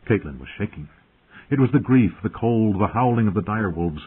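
A man narrating an audiobook in a measured, dramatic storytelling manner. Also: on the low side, expressive, husky. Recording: tinny phone-like audio.

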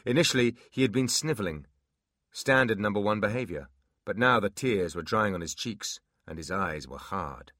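A man with a fairly low voice narrates a fantasy audiobook in an expressive storytelling style at a moderate pace. The recording is studio quality, with no room sound.

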